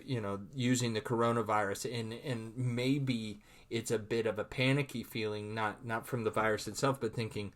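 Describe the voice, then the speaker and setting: A man giving a recorded online lecture, speaking conversationally with many repeated words and acting out his own thoughts. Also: lowish voice.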